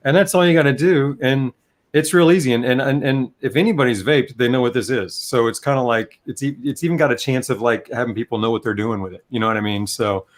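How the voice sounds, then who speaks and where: A man's voice: medium pitch, fast talker. Easygoing man in casual chat. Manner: relaxed, candid, peppered with "you know what I mean". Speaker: co-host and vape reviewer.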